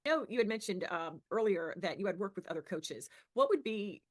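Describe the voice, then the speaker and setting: Brisk encouraging woman host. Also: mid-range voice, very animated. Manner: encouraging, leading questions. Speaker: host, business coach. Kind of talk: interview questions.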